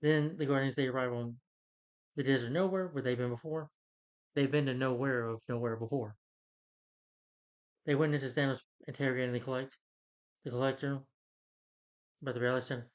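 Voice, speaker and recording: In a muffled recording, a male film reviewer loosely recaps a superhero movie, repeatedly restarting sentences, using fillers, and quoting characters in his normal voice. He speaks in a mid-range, steady tone, a little quickly, with long pauses.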